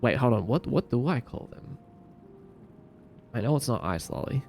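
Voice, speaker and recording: A man's voice: medium pitch, expressive, moderate pace, darkish tone, a little hiss or hum. A man from Australia with an Australian accent, chatting casually on a livestream, laid-back and laughing often as he repeats words aloud. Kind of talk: casual chat reading viewer comments.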